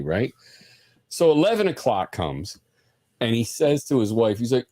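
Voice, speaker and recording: A man's voice: a little high, normal speed, no room sound, clean studio sound. A man on a podcast, casually telling a long story, swearing a lot and often laughing. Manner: profane, animated, laughs while telling stories. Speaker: podcast host.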